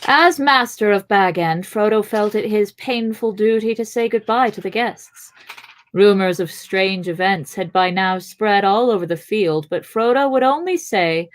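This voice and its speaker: Slow, measured woman reading aloud. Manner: reads the book aloud in a slow measured voice, lowering it for the wizard. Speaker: podcast co-host reading aloud. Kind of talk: casual podcast read-aloud and chat.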